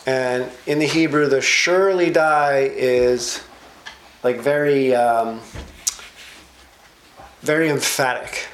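A man's voice: mid-range voice, steady tone, takes it slowly, long pauses. Man, Bible teacher, emphatic, quizzes listeners, echoey room, faint background noise. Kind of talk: sermon-style Bible study.

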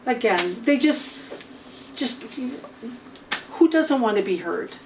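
A woman leads an informal Bible study in a slow, unhurried way, often pausing to clear her throat. Her voice sits a little high for a woman. She is recorded from some distance, with faint room noise behind her. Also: animated.

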